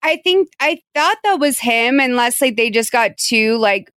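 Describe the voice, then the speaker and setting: A woman hosting a podcast in casual chat, talking in a chatty, animated way with lots of fillers. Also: fairly high pitch, unhurried, no room sound. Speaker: podcast host.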